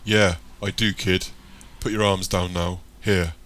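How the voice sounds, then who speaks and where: A man voicing a calm, tough gang leader in an audiobook. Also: sits low, a little slow. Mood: firm.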